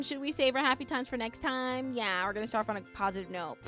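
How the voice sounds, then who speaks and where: A woman on a live stream chats casually with her viewers, playful and teasing and quick to giggle. Her voice sits fairly high, and clear game music plays behind her. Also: a bit bright. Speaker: vtuber streamer.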